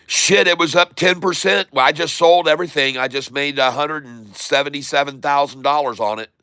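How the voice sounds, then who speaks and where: A man streaming live day trading, narrating his buys and prices as he goes and spelling out tickers slowly. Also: on the high side, pushed and bright, clean tone, dry recording. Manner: running commentary, repeating tickers slowly.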